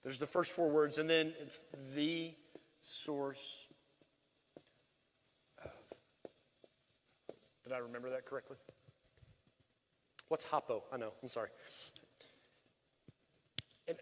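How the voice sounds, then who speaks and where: A man with a somewhat high voice preaches a sermon in a church, lively and emphatic, dropping into joking asides. His words ring out with the long reverb of a large hall. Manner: animated, joking asides, emphatic swings in volume. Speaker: pastor.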